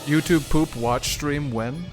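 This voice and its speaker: A man's voice: fairly high pitch, slow, music in the background. A young man streaming a game, rambling profanely and joking with his chat. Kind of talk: casual gameplay stream chat.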